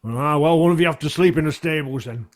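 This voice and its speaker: A man voicing a gruff, bossy middle-aged male innkeeper in a tabletop role-play, curt and grumbling as he barks orders. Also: on the high side, fast talker, lightly acted.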